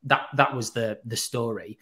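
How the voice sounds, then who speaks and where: A man's voice: medium pitch, normal speed. Chatty man telling stories. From Teesside, England. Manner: animated storyteller, acts out quoted voices. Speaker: radio presenter, podcast guest. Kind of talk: casual anecdotal chat.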